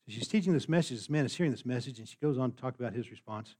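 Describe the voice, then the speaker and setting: Guy preaching fast on a sunday, earnest, stumbles and repeats words. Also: mid-range voice, dark tone. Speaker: pastor. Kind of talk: sermon with a read-aloud story.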